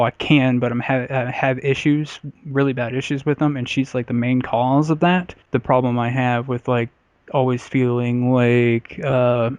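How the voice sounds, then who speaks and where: A man's voice: medium pitch, a little mellow, no room sound. A man co-hosting a casual comedy podcast, telling a story bluntly and profanely with lots of uhs and likes. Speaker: podcast co-host. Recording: slightly dull podcast audio.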